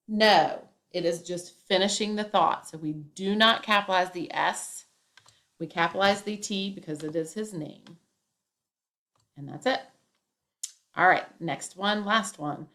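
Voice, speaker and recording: Woman teacher, lower-pitched, walks a class through punctuation step by step. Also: a bit bright. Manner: step-by-step, acts out example lines with emphasis. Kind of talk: classroom grammar lesson.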